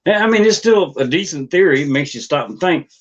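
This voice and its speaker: A man hosting his own theory channel, talking casually and haltingly on a livestream, with lots of fillers and restarts. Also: a little high, lively intonation, muffled recording. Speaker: YouTube theory channel host. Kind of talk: casual rambling livestream chat.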